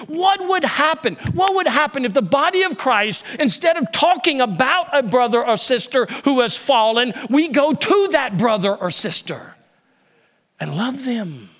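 A male pastor preaching a sermon in an animated way, swinging between loud emphasis and hushed lines. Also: extremely high pitch.

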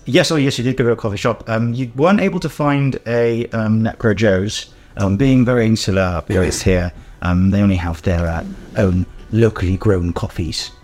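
A man narrating a tabletop game as game master, rambling with many pauses and fillers. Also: lowish voice, darkish tone. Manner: rambling, with many ums and uhs.

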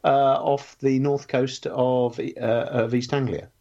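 A man's voice: mid-range voice, little pitch movement, mellow. A man chatting on a podcast in a mid-range voice, stopping often with "uh" and "um" and restarting his sentences. The sound is slightly muffled and lo-fi. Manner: halting, many fillers and restarts. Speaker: podcast co-host. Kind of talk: casual storytelling chat.

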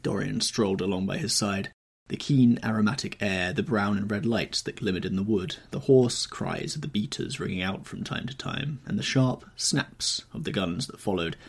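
A man reading a classic novel aloud in measured, literary audiobook narration. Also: lowish voice, creaky, breathy edge.

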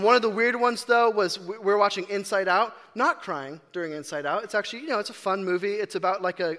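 A man with a high, bright voice delivers a relaxed sermon full of personal stories. He talks in a chatty, self-deprecating way, stumbling through ums and restarts. His voice carries a long reverb, as if recorded in a large church hall. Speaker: preacher. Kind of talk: casual storytelling sermon.

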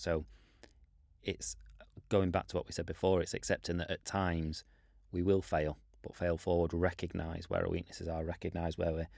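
A man hosting a business podcast, calmly reflecting on and summing up what his guest said. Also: low voice, vocal fry, no echo, clean studio sound. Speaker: managing director, podcast host. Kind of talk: casual podcast conversation.

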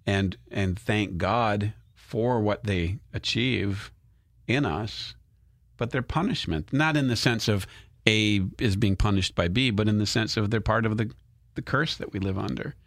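Low-voiced reflective man, dry sound. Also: a little slow, dry recording. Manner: reflective, questioning, repeats words as he thinks. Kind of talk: casual conversation.

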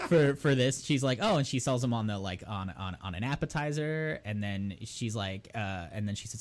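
A man's voice: medium pitch, animated, a little fast, a little hiss or hum. A young man on a podcast, casually recapping a TV episode in a rambling way and acting out the characters' lines as he goes. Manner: rambling storyteller who acts out characters' lines. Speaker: podcast co-host.

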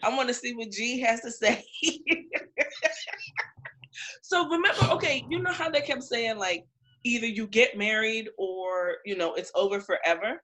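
A woman's voice: on the high side, fairly bright tone. A woman co-hosting a casual podcast chat, outspoken and emphatic, teasing her co-host. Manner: outspoken, emphatic, quick to tease.

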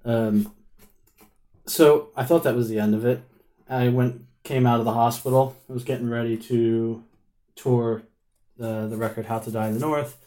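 A man's voice: medium pitch, fairly even intonation, normal speed, dark tone. A man telling a long, wry story in casual chat, with plenty of filler words and restarts. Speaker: musician guest.

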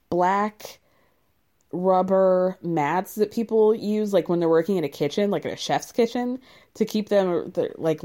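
Gossipy woman recapping reality tv, mellow warm voice, loose and chatty. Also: on the high side. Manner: chatty, laughs often, lots of "like". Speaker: podcast host recapping a reality show.

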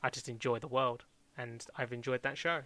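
A man's voice: medium pitch, steady tone, fairly quick, sharp tone. A young man chatting casually about TV shows as a podcast co-host, rambling with lots of fillers, restarts and laughs. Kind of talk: casual chat reviewing TV shows.

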